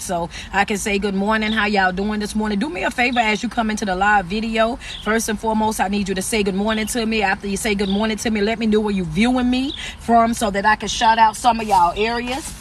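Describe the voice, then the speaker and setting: A man as a motivational speaker on a live video stream, talking loudly, quickly and with aggression and authority, recorded on a phone. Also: high-pitched, a little hiss or hum. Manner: loud, fast, aggressive, commanding delivery.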